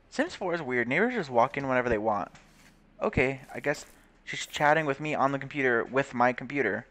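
Animated young man playing a game. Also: mid-range voice, a little fast. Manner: animated, chatty and blunt, swears freely. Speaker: gaming channel host. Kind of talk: casual gameplay commentary.

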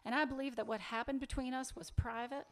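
A woman reading the lines of a sharp-tongued woman in a secret affair, cutting, sarcastic and impatient, in a live fiction reading. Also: high voice, fairly even intonation, fairly quick, close to an everyday voice. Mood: bitter. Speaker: reader of a story's dialogue.

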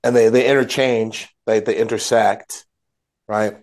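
Low-voiced man musing through scripture. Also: little pitch movement, unhurried, a little mellow. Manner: rambling, self-correcting storyteller. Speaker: podcast co-host. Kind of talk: casual religious discussion.

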